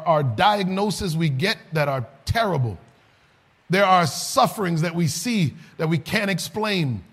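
Husky high-voiced preacher. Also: male voice. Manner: rising to shouts, then dropping low and soft. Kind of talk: sermon.

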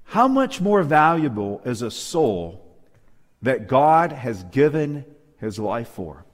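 A man's voice: mid-range voice, sing-song, takes it slowly. Emphatic male preacher in a hall. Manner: emphatic, asks the audience questions. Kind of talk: sermon. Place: church hall, live audience.

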